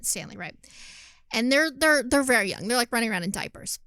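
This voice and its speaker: A woman co-hosting a podcast, chatting casually about a film, animated, laughing often and swearing freely. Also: on the high side, a little fast, no echo. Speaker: podcast co-host. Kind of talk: casual film review chat.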